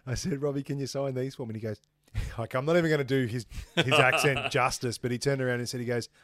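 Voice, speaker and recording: An Australian man co-hosting a casual podcast, telling a lively story. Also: medium pitch, quick pace, dry recording, clean studio sound. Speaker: podcast co-host. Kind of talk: casual chat.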